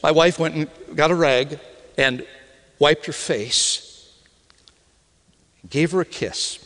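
A middle-aged man from Minnesota with a Minnesota accent, a pastor preaching a storytelling sermon with sudden excited outbursts. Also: on the high side, takes it slowly. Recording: long reverb of a large hall.

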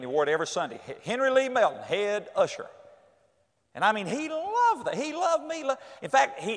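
A middle-aged man from North Carolina, preaching a sermon full of folksy, humorous stories. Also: on the high side. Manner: folksy, lively storytelling. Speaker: pastor. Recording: echoey hall.

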